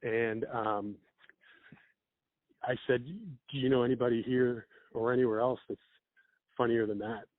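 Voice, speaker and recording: A man's voice: medium pitch, unhurried, long pauses, dry recording. A man, a comedian guest, telling rambling stories in a casual chat with laughs and acted-out quotes. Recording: phone-like narrow band.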